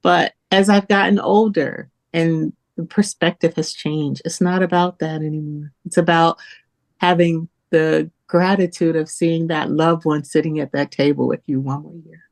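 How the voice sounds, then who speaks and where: A woman's voice: low voice, fairly even intonation, moderate pace, creaky, darkish tone. Earnest reflective woman in her late fifties. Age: late 50s. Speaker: podcast panelist. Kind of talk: casual chat.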